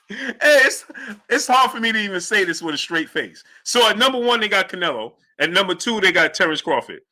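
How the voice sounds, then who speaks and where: Animated, bright-voiced male boxing stream host. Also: high-pitched, brisk. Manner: animated, hypes the audience, shouts out chat names. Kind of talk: livestream commentary reading chat.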